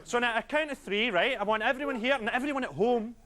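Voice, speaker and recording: A man doing a stand-up routine on stage, talking to the crowd in an animated, conspiratorial way. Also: extremely high pitch, fast. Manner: animated, conspiratorial, bursts into loud quoted cries. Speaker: stand-up comedian. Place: comedy club stage with audience.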